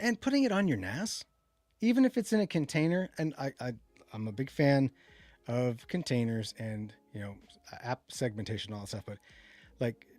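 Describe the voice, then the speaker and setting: A man's voice: medium pitch, darkish tone, dry recording. A man co-hosting a casual livestream tech chat, rambling and correcting himself as he reads viewer comments. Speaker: podcast co-host.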